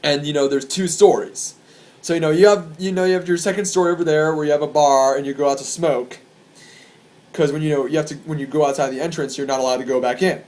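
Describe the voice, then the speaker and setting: Excitable young man swapping concert stories. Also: a little high, fast talker. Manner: excitable, profane, rambling with restarts. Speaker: vlogger. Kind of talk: casual storytelling to camera.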